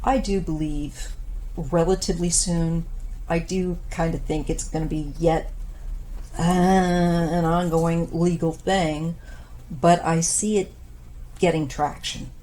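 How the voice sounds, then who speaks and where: A woman in her fifties giving a casual tarot reading, thoughtful and unhurried with many pauses, her voice wearing thin. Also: low-pitched, warm tone, a little hiss or hum. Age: 50s. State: losing her voice. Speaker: tarot reader.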